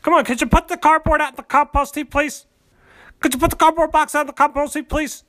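A man doing a whiny, rambling blue-collar stepdad in a comedy sketch, calling downstairs in a high, bright, pleading voice and never quite getting to the point. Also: steady tone, quick pace. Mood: nagging. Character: nagging middle-aged blue-collar stepdad.

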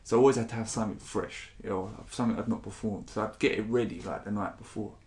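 A man's voice: lowish voice, quick pace, darkish tone. A man, a spoken word poet chatting casually and reading his poetry. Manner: swears casually, rambling, says "innit".

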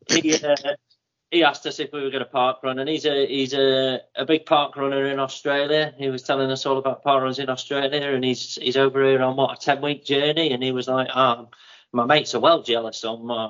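A man's voice: medium pitch, level tone, brisk, fairly bright tone, lo-fi sound. A man co-hosting a running podcast, telling a rambling, playful anecdote. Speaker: podcast co-host. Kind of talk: casual chat.

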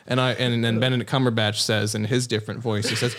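A man's voice: medium pitch, level tone, quick pace, few pauses, a bit bright, a little hiss or hum. A man, a podcast guest, telling a rambling comedic story with lots of restarts and silly put-on voices.

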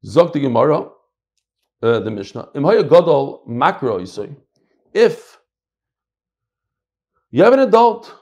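An American man teaching a Talmud class, emphatic and animated, mixing in Hebrew and Yiddish terms. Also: a little high, measured pace, pauses often, breathy edge, dull audio. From United States. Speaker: Torah teacher.

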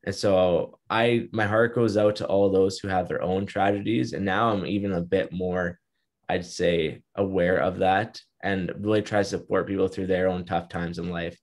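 A man's voice: low voice, steady tone, normal speed. A young man telling his story as an interview guest, in an earnest, reflective way. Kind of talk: casual interview.

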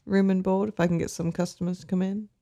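A woman's voice: medium pitch, fairly even intonation, fast, warm tone. Bubbly woman playing a bard. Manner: bubbly, laughs often, polite in character. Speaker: player, a bard. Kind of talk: tabletop role-play.

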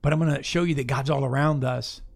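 A man's voice: mid-range voice, fairly even intonation, fast, gravelly. A man preaching an off-the-cuff sermon, talking to listeners casually and asking them to look up verses. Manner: conversational, restarts, asks listeners to look up verses. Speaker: pastor.

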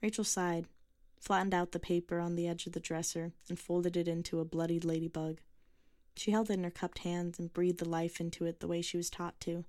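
A woman reading a short story aloud in a measured, even way. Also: fairly low pitch, no room sound. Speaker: narrator. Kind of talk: scripted story narration.

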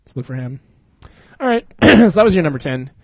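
A young man chats casually as a podcast co-host, rambling through slangy stories and laughing often. His voice sits fairly high for a man. The sound is dry and close. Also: very animated, brisk, vocal fry, darkish tone, no echo. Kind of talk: casual chat.

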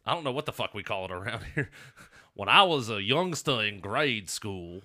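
A man's voice: fairly low pitch, expressive, moderate pace, bright, forceful tone. A man hosting a podcast, telling stories in rambling, profane casual chat and laughing often. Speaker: podcast host.

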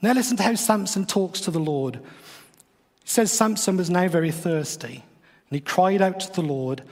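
A man's voice: high voice, expressive, moderate pace, darkish tone, in a large hall. A man, retelling a Bible story in a chatty, wry way with playful asides, as a podcast host. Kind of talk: casual devotional storytelling.

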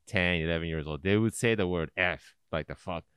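A man from Japan co-hosting a casual talk show, relaxed and quick to laugh, now and then slipping into Japanese. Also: low-pitched, smooth, dry recording, studio quality. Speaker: podcast co-host, teacher in Japan. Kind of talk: casual chat.

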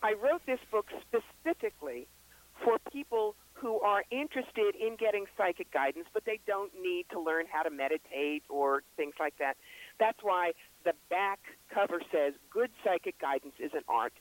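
A man with a brisk, wry storytelling manner, the psychic author and reverend being interviewed on a radio show. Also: high voice, no echo, rough recording. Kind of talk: interview guest.

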